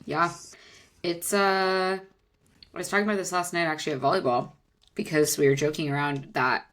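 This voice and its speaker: A woman's voice: lowish voice, flat delivery, moderate pace, fairly bright tone. A young adult woman hosting a podcast, chatting casually with easygoing, dry banter. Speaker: podcast host. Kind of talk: casual chat.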